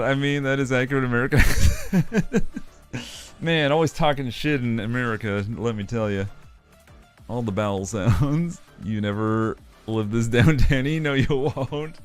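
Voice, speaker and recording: Guy streaming live, slow easygoing talk, giggles a lot reading chat, cusses casually, mid pitch. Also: very animated, smooth, soft background music. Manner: giggly, laughs often while reading chat aloud; swears casually. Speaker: streamer and animator.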